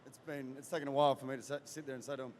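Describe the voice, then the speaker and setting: A male actor chatting as a guest in an interview, talking in halting bursts full of fillers and restarts. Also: mid-range voice, level tone, a little hiss or hum. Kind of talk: casual interview chat. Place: convention event hall. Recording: reverberant hall with faint crowd ambience.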